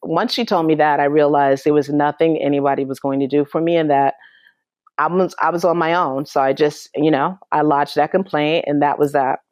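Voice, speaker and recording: A woman's voice: deep voice, steady tone, a little fast, darkish tone, no room sound, clean studio sound. A woman as an interview guest, recounting her experiences earnestly and with emotion, often restarting her sentences. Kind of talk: personal storytelling in a podcast interview.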